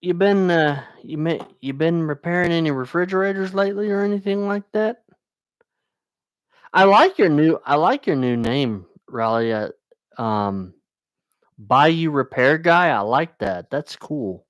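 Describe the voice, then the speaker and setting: A man talks loosely to his livestream viewers, mumbling now and then and stopping to restart his sentences. His delivery is slow and unhurried, but his pitch swings widely. The sound is dry, with no room echo. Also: expressive, clean tone, muffled recording. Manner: rambling, laughs often, restarts sentences. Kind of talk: casual livestream chat.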